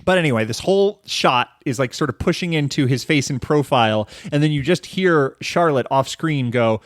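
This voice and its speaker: A man hosts a casual film podcast, talking in a rambling, profane style full of fillers and restarts. His medium-pitched voice is animated and moves at normal speed. The recording is clean studio sound with no room noise.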